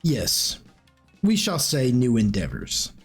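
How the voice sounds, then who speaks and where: A man's voice: mid-range voice, huge pitch swings, slow, breathy edge, faint music behind, voice pushed down, exaggerated voice. A man voicing a bald, pale half-drow male elf assistant who is smug and gracious and flicks his tongue like a snake.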